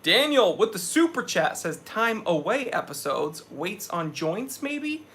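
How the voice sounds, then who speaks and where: A man's voice: sits high, big pitch swings, measured pace, a bit bright. A young man hosting a casual live stream, sweaty after a hike, talking with energy as he reads out viewers' chat messages.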